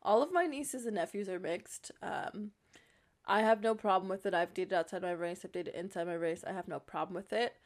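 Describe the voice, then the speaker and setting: Casting: young woman podcast host from Connecticut, sassy, emphatic, chatty, mid-pitched. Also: fairly quick. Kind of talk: casual podcast chat.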